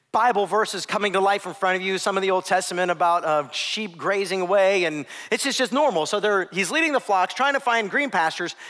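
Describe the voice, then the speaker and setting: A man's voice: high voice, pushed and bright, long reverb tail. A male pastor preaching a conversational sermon to a church congregation, playful and given to asides.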